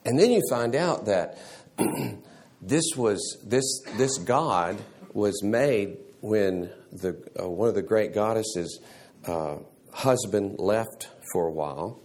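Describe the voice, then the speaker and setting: A man teaching a church Sunday school class in a halting way, restarting words and often clearing his throat. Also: lowish voice, expressive, a little mellow.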